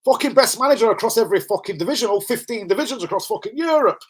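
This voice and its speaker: A raving, boastful football manager who has lost the plot, as a man puts him on in a strained, far higher voice than his own. He brags and swears in a shrill tirade that keeps climbing. It sounds like a wild mocking caricature. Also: lively intonation, rapid-fire, slightly rough. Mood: furious. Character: boastful ranting male football manager, unhinged.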